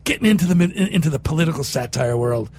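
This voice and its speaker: A man's voice: medium pitch, expressive, fast, darkish tone, a little hiss or hum. A man hosting a talk show, chatting with sarcastic, mocking humor and frequent laughs. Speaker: radio host. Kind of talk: casual chat commentary.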